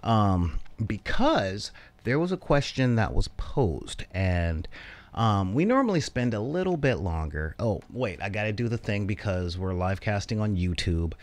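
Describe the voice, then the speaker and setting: A man's voice: on the low side, big pitch swings, a little slow. Chatty, jokey man hosting a livestream. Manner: chatty, jokey, rambling with many fillers. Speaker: podcast host. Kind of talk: casual livestream chat.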